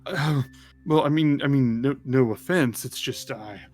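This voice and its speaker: A man's voice: high voice, normal speed, pitched above the performer's own voice. A man voicing a fawning, flustered little male gnome shopkeeper who stammers and gushes. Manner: gushing, stammering, apologetic.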